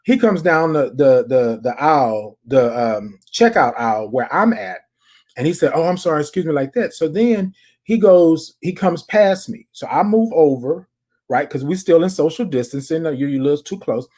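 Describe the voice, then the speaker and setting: A podcast host spins a story in a casual, animated way and keeps calling out to the listeners. The voice is husky, and the pitch swings up and down. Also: normal speed. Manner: animated, repeats phrases, addresses listeners directly.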